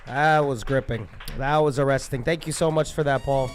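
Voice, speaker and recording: A man's voice: mid-range voice, fairly even intonation, moderate pace, faint music behind. A man hosting an open mic, playful and punning, hyping up the next performers. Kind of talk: emcee banter.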